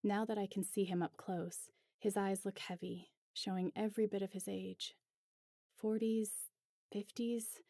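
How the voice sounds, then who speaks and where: Woman narrator reading fan fiction, measured, dark mellow tone, dry close sound. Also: mid-range voice, level tone, no echo.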